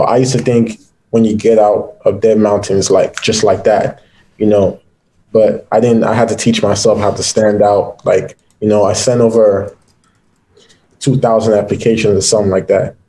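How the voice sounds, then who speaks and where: A man's voice: lowish voice, warm tone, slight background noise, low-quality recording. A man guest on a video call, talking candidly and with emphasis.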